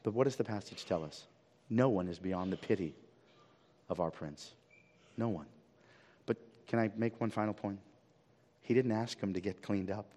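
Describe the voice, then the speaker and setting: A man preaching a sermon as pastor, swinging from loud emphatic peaks to quiet low pleading and asking the congregation rhetorical questions. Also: slightly rough. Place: church sanctuary. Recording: long reverb of a church hall.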